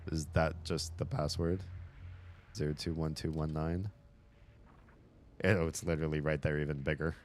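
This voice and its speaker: A young man chatting casually and swearing freely while playing through a horror game. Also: low voice. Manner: chatty, swears freely, laughs at his own jokes. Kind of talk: casual let's-play commentary.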